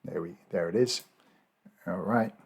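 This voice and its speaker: With a deep, slightly rough and somewhat mellow voice, an Australian man talks unhurriedly through a spreadsheet task. He's an Excel and Power BI trainer in a casual screen recording, thinking out loud, using fillers and correcting himself.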